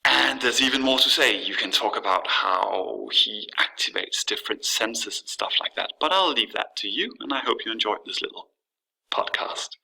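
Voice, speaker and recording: A male teacher walks his students through a poem. His voice sits a little low, but it has a very bright, forceful edge. He pauses on fillers and restarts as he explains. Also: animated, gravelly, slightly rough, low-quality recording. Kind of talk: classroom lesson with a poem reading.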